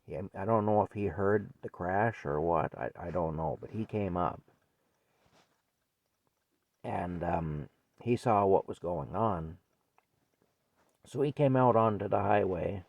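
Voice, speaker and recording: A man's voice: deep voice, slow pace, gravelly, long pauses, darkish tone, no echo, lo-fi sound. An older man telling a childhood story in a rambling, folksy way. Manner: rambling, folksy, repeats himself. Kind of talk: casual spoken memoir.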